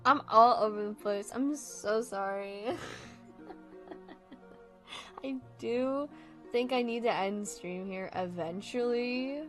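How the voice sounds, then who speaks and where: A woman's voice: a little high, slow pace, pauses often, soft background music. A young woman streaming and chatting casually, rambling from thought to thought, laughing often and swearing freely.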